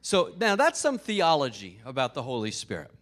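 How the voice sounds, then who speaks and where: A man's voice: medium pitch, huge pitch swings, normal speed, fairly bright tone. A man preaching a sermon as pastor, in a conversational way with casual fillers and joke-telling.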